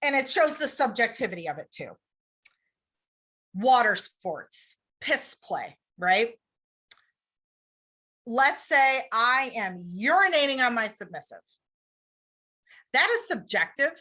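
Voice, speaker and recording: A woman with a high, bright voice presents candidly over a video call. Her pitch leaps and swoops as she acts out how people react, and her talk stays frank and lively. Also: slow, long pauses. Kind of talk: online presentation.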